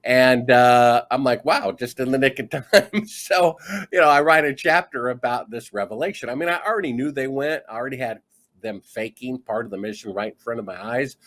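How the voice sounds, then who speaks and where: A man's voice: medium pitch, fairly quick, fairly bright tone. A middle-aged man, a guest author in a conversational interview, telling his story with energy and acting out the dialogue he quotes.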